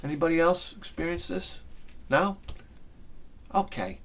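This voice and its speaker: A middle-aged man, telling a crude, animated story on his vlog, swinging between loud bursts and muttered asides. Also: fairly high pitch, a little slow. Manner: crude humor. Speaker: vlogger. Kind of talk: casual storytelling.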